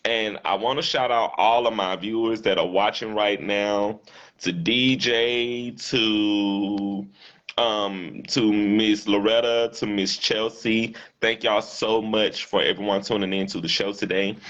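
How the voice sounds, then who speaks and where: A man hosting a casual livestream talk show, thanking his guest and viewers with effusive shout-outs. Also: lowish voice, fairly even intonation, slow. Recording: dull lo-fi sound with faint music.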